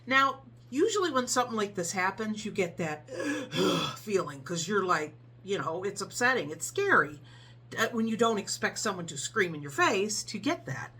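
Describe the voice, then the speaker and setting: A woman telling a story casually in a vlog, animated and acting out the people in it. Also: medium pitch, normal speed, breathy edge. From Ohio, USA.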